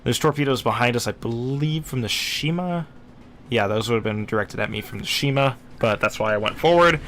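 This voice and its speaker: A young man talks through his own game replay in a bright, forceful voice of middling pitch. He is chatty and self-deprecating, and he acts out the thoughts he had at the time. A faint hiss of noise sits under the recording. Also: fairly quick. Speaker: gameplay commentator. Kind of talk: casual game replay commentary.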